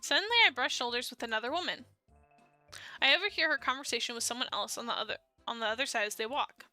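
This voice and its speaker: A woman's voice: fairly high pitch, quick pace, pushed and bright, no echo, soft background music. A young woman streamer reading a dating sim aloud in first person and reacting with playful, laughing asides.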